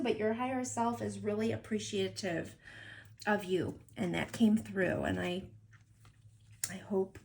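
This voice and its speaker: Gushing tarot reader woman with vocal fry. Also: medium pitch, fairly even intonation, moderate pace, a little hiss or hum. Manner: gushing, affectionate and emotional. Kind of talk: tarot reading to camera.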